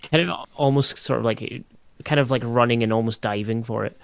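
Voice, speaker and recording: A player at a tabletop game talks through what his character does, hedging every move with "I think" and "kind of." His voice is mid-pitched and the sound is dry and close. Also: brisk, gravelly, clean tone, dry recording.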